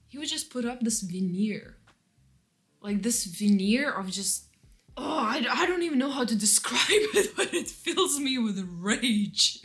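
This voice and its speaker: Her voice sits mid-range, a little bright and expressive, moving slowly with long pauses as this vlogger tells a story-time rant full of emotion. Angry yet laughing bitterly at times, she wanders, keeps restarting, and says "like" and "you know" over and over.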